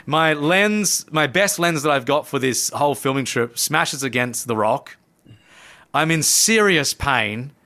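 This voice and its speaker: A man, a podcast guest, telling a personal story in animated conversation and acting out his own past lines. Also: a little high, unhurried. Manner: lively narrator who acts out his own past lines. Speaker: podcast guest, coach and speaker.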